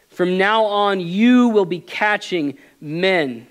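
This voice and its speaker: A man's voice: sits high, slow, smooth. A man, a pastor, preaching an earnest, emotional sermon in a church and reading scripture aloud with rising intensity. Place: church sanctuary.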